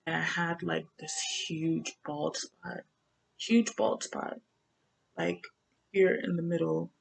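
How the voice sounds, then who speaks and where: Young woman, low voice with some fry, casual personal storytelling. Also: fairly even intonation, takes it slowly, poor audio. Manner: conversational, loose, repeats phrases. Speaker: survivor sharing her story.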